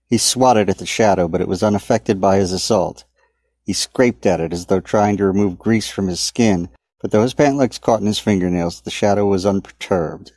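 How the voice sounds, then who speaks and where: A man reading his own dark story aloud in a measured audiobook narration. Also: deep voice, no echo. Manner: steady, measured dramatic reading.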